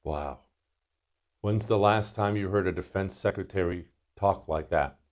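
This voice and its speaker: A man's voice: sits low, measured pace. A middle-aged man hosting a political talk show, speaking in an emphatic, indignant commentary monologue. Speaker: radio show host.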